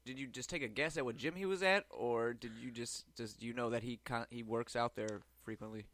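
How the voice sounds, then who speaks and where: A man's voice: mid-range voice, fairly quick, a bit bright, dry recording. A man co-hosting a podcast, asking questions and throwing in teasing jokes in casual chat. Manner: wisecracking questions and teasing asides. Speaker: podcast co-host.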